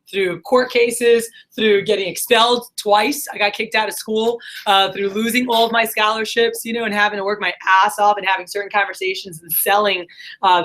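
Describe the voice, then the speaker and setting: A woman's voice: mid-range voice, fairly bright tone. A woman in her thirties telling a personal story in a casual, rambling monologue full of fillers. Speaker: vlogger.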